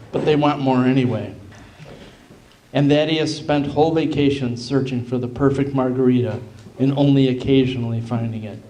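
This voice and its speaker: Event host, male, mid-pitched, measured list-style intro with faint background noise. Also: dark tone. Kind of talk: reading a scripted introduction.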